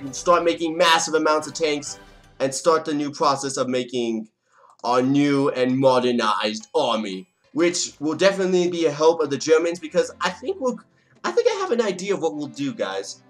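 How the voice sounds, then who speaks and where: Chatty young man narrating a strategy game. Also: fairly high pitch. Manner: chatty, joking, talks to game nations. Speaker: let's play gamer. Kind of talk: casual game commentary. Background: faint game music.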